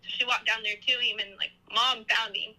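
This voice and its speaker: A woman's voice: fairly high pitch, steady tone, a little fast, sharp tone, poor audio. A woman in her thirties, a podcast guest, telling a personal story in a casual, rambling way with many restarts.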